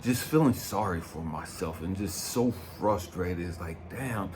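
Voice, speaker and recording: A man in his fifties, a life coach giving a blunt, profane motivational talk. He swings from low brooding to loud, fired-up preaching. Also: a little slow, background noise. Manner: blunt and profane, keeps asking "you know what I mean". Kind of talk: impassioned motivational monologue.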